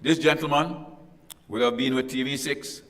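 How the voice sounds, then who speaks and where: A man with a Tobagonian accent speaks at a middle pitch as the emcee of a formal panel event. He talks in a chatty, joking way, calling out to people in the crowd as he greets them. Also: steady tone, moderate pace, fairly bright tone, long reverb tail. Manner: chatty and joking, with asides to the audience. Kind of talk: ceremonial address with greetings. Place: hotel conference room.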